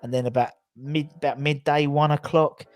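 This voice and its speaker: A man's voice: a little high, steady tone, normal speed, dry recording, faint music behind. Chatty man hosting a football fan show. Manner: chatty, rambling, reads out viewer comments. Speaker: podcast host. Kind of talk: casual fan chat show.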